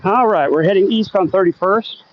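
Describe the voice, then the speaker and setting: A man from Oklahoma talks casually as he walks a residential street at night, reading out viewer comments with a wry, joking tone. His voice sits a little high for a man. The phone audio is slightly dull, with faint outdoor noise behind him. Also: normal speed. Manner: chatty, wry, reads viewer comments aloud. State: a bit out of breath walking uphill. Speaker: vlogger reading live chat. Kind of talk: casual live-stream chat while walking.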